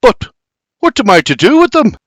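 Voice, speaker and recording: A narrator plays an old colonial husband who whines like a scolded boy. His voice is pitched up from the narrator's and swings widely. The recording is close and dry. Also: very animated, moderate pace, a bit bright, no room sound, exaggerated voice. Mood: whining. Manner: boyish, whiny.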